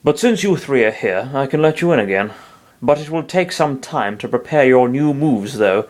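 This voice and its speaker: A bossy giant hand that floats around, giving orders in a loud voice pitched above ordinary speech. A man does the voice while reading a fan story aloud, and it comes across as a plain, lightly acted storybook voice. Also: lively intonation, normal speed, close to an everyday voice. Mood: apologetic. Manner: loud, commanding, raised pitch. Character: booming giant floating hand, boss of the fighters.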